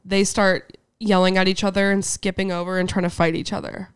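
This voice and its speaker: A woman's voice: mid-range voice, a little fast, smooth, no echo, studio quality. A young woman from Houston, a stand-up comedian telling stories animatedly in casual podcast chat, swearing freely. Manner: animated storytelling, swears, says dude.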